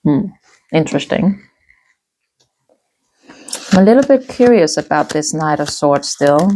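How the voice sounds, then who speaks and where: A woman giving a casual tarot reading, musing aloud with soft hums and restarts as she turns the cards. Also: sits low, expressive, unhurried. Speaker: tarot reader.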